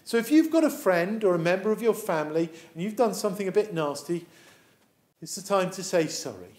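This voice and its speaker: Lively English vicar telling a story. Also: male voice, sits high, fairly quick. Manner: animated storytelling, acts out the characters. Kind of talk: children's talk sermon.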